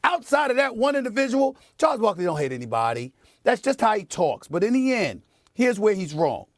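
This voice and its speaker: A middle-aged man hosting a sports debate show, making his point with forceful, preachy repetition in a TV studio. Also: high-pitched, very animated, brisk, no echo. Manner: emphatic and preachy, repeats phrases for effect. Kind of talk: heated on-air sports commentary.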